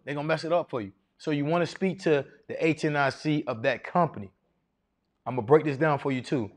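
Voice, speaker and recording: Animated man coaching a seminar crowd. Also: fairly high pitch, fast. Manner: animated, preacherly, quizzing the crowd with questions. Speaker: masterclass speaker on federal contracting. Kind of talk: live seminar talk to an audience.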